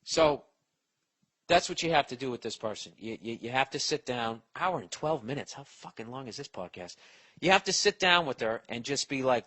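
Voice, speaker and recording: A man's voice: medium pitch, animated, moderate pace, a bit bright, breathy edge. A man hosting a comedy podcast, ranting in a profane, rambling and blunt way while giving advice. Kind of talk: casual comedic rant.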